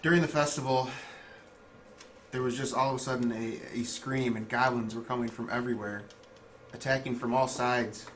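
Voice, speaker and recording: A young man speaking in character as a player in a tabletop game, earnest and a little halting. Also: mid-range voice, fairly even intonation, a bit bright, slight background noise.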